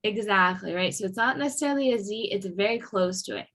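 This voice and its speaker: A woman teaching English pronunciation in a class, slow and patient, modeling sounds over and over for her students. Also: medium pitch, fairly bright tone, rough recording. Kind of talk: online class lesson.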